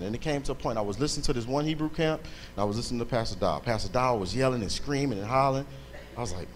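Brief: man, mid-pitched, fervent church testimony, emphatic and thankful, faint noise behind. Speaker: congregation member giving testimony. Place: church service.

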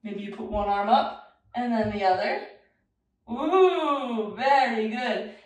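A woman's voice: medium pitch, normal speed, darkish tone. A young woman teaching a children's yoga class, playful and sing-song, encouraging the kids. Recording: very echoey room, voice from a distance.

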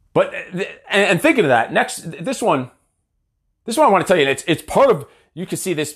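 With a high, somewhat bright voice, a man in his forties coaches through a motivational speech that is blunt, fired up and full of profanity.

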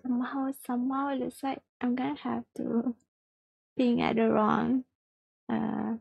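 High-voiced, unhurried woman streamer. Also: little pitch movement, gravelly, slightly rough, no echo, phone-quality sound. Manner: chatty, giggly, reads viewer chat aloud. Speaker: livestreamer. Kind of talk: casual livestream chat while gaming.

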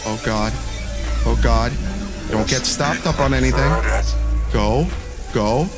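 A man's voice: medium pitch, takes it slowly, loud music behind the voice. A young man giving joking, self-deprecating commentary while playing a horror game. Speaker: gaming YouTuber. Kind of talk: let's-play commentary.

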